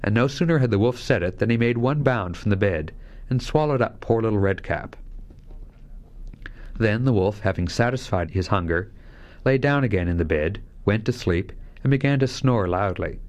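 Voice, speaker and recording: A man's voice: lowish voice, animated, normal speed, darkish tone. A man narrating a fairy tale, shifting his voice lightly for each character. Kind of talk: scripted fairy-tale reading.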